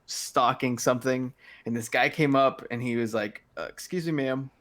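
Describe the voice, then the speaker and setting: Relaxed man chatting, halting with fillers. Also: medium pitch. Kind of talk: casual podcast chat.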